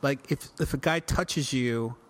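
A man's voice: mid-range voice, a little slow, fairly bright tone. A man co-hosting a casual TV recap podcast, rambling with many restarts. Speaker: podcast co-host.

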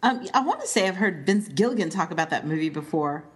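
A woman co-hosting a podcast in casual chat, animated and emphatic, laughing often. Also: lowish voice, fast. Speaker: podcast co-host.

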